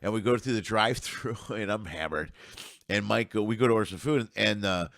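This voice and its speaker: A man's voice: on the low side, brisk, vocal fry, fairly bright tone, dry recording. A middle-aged man who works as a comedian, telling rambling road stories in casual chat and swearing freely. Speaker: comedian guest.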